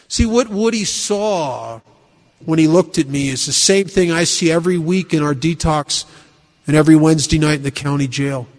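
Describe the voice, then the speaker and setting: A man's voice: fairly high pitch, long reverb tail. A man sharing his recovery story with a live group in a meeting room, blunt and self-mocking, full of rhetorical questions. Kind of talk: personal testimony talk to a live group.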